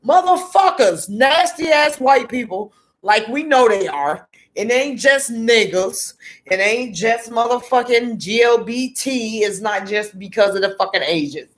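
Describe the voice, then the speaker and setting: A woman's voice: a little high, animated, unhurried. A woman giving a heated, profane rant on politics, repeating words for emphasis. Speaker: political commentator. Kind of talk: ranting political commentary.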